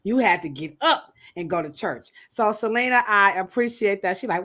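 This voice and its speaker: A woman hosting a casual podcast livestream, talking in a playful, animated way. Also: medium pitch, normal speed, few pauses. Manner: animated, playful, acts out quoted voices. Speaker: podcast host.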